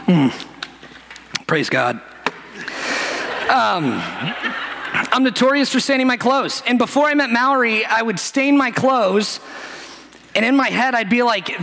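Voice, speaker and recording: A man's voice: very high-pitched, expressive, moderate pace, vocal fry, bright, forceful tone, slight background noise. A young man preaching a sermon in a conversational, self-deprecating storytelling manner, getting emotional and close to tears. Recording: music playing behind.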